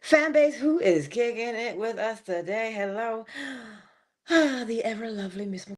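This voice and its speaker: A woman hosting a casual spiritual livestream, greeting her viewers by name with affectionate, drawn-out welcomes and the odd whispered aside. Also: fairly high pitch. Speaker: livestream host.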